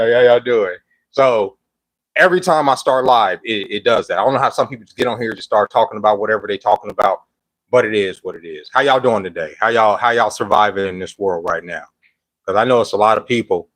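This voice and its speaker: Breathless and with a phlegmy throat, a livestreamer says hello to viewers in casual, rambling chat full of slang and restarts. The voice is medium-pitched and a bit bright, recorded at low quality with no echo.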